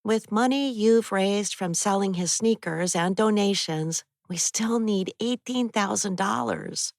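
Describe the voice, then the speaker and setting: A woman's voice: mid-range voice, unhurried, vocal fry, a little mellow, dry recording, clean studio sound, voice pushed up. A woman reading the part of a worried, practical young adult daughter in an audiobook, with tired replies. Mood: weary. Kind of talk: audiobook character voice.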